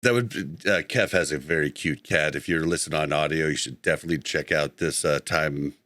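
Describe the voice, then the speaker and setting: Man, podcast host, casual chat, low voice, dry sound, easygoing, easily sidetracked. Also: fairly quick, sharp tone, dry recording. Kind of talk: casual chat, reading live chat.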